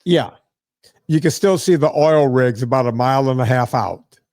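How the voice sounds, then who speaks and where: A man hosting a podcast, telling a long anecdote in a relaxed, rambling way, with frequent fillers and "right?" asides. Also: mid-range voice, moderate pace, dry recording, clean studio sound. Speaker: podcast host. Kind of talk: casual podcast chat.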